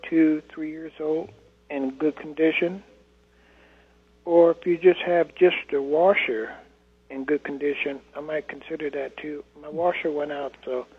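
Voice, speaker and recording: Male caller, halting and filler-heavy, raspy voice on a phone line. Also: on the high side. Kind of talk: phone-in chat.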